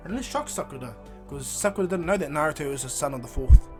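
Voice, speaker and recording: A man's voice: a little high, lively intonation, fast, music in the background. A man casually retelling a fan story, rambling with restarts.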